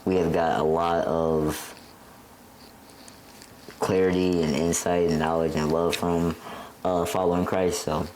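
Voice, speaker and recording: Young male podcast co-host, very low voice, easygoing delivery with a faint hiss behind him. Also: a little slow, pauses often, poor audio. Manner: relaxed, says "bro" often. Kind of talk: casual chat.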